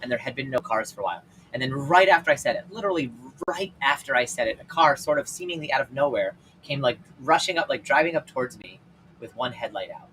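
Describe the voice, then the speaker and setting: A man hosting his own show, telling personal stories in a casual, candid way with lots of fillers, swinging between loud and hushed. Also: medium pitch, animated, quick pace, a little hiss or hum, poor audio. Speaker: podcast host and life coach. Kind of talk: personal storytelling monologue.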